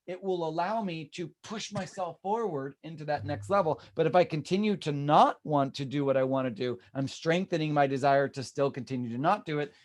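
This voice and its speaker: Man, team leader, real estate meeting, animated, fairly high voice. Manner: animated, acts out quoted voices.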